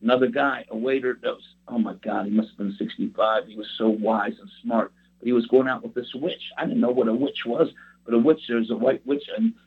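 Man, preacher, testimony sermon, husky and gravelly, earnest rambling delivery. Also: medium pitch, fairly even intonation, a little fast. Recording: tinny phone-like sound.

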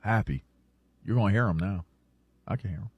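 A man's voice: fairly low pitch, a little fast, darkish tone, husky, no room sound, muffled recording. A man co-hosting a radio show, joking around in slangy, loose banter. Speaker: sports radio co-host. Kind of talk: casual banter.

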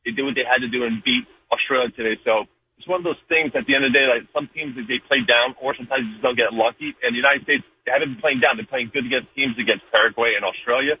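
A man's voice: mid-range voice, a little hiss or hum. A man from New Jersey calling in to a sports talk show, talking at length with lots of fillers. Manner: fast, rambling, with many fillers. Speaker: caller. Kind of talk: casual call-in sports chat. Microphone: phone. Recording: phone line.

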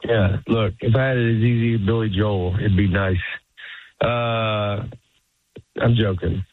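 A man's voice: lowish voice, fairly even intonation, unhurried, no echo. A man, a stand-up comedian, chatting as an interview guest. He rambles, laughs often and acts out quoted lines. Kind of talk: casual interview chat. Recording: dry phone-like sound.

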